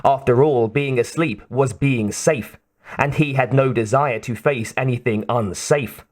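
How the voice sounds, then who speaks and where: A man reading an audiobook in a slow, measured narration. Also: medium pitch.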